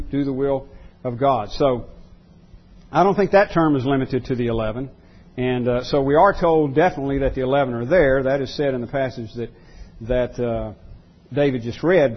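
A man preaching a sermon as pastor, talking in a halting way and repeating words as he thinks aloud. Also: mid-range voice, slightly rough, highs cut off.

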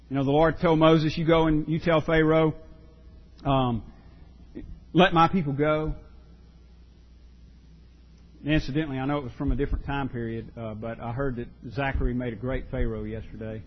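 A pastor preaching a sermon, earnest and emphatic, often repeating words for stress. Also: male voice, fairly high pitch, muffled recording.

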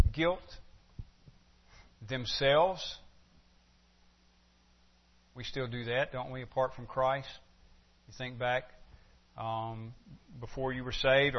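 Conversational male preacher, dull lo-fi recording. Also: mid-range voice. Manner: conversational, rhetorical questions, restarts. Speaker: pastor. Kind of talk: expository sermon.

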